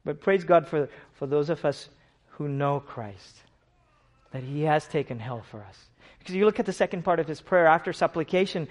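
A middle-aged man from India preaching a sermon, swinging from hushed, slow lines to loud, emphatic peaks. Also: a little high.

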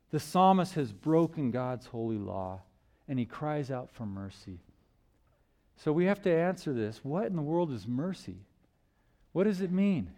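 A man preaching a sermon in church, asking rhetorical questions and swinging between loud emphasis and hushed lines. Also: a little high.

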